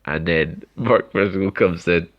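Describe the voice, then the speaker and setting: A man's voice: low-pitched, unhurried, lo-fi sound. A man co-hosting a podcast, chatting casually with lots of filler words. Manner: rambling, many "like" fillers, laughs often. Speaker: podcast co-host. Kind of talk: casual chat recapping wrestling.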